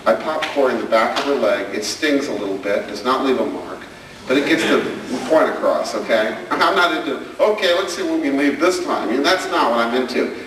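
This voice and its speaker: This man's voice is mid-range and moderately paced, with noise in the background. He's a stand-up comedian and speaker doing family-life storytelling and playing the characters, recorded from far off on a camcorder in a large hall.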